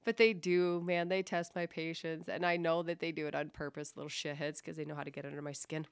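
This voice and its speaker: A low-pitched woman with a smooth, resonant voice talks straight into a dry, close mic. She hosts her own podcast in a casual, profane and self-mocking way, joking about the kids she coaches. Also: flat delivery, brisk, no echo. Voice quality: voice described as a radio voice. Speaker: podcast host. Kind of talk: casual solo podcast monologue.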